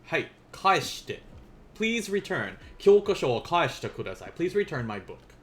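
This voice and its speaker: A man's voice: fairly high pitch, big pitch swings, normal speed, fairly bright tone. A young man teaching a casual beginners' language lesson on a live stream, playful and chatty, often laughing at his own asides.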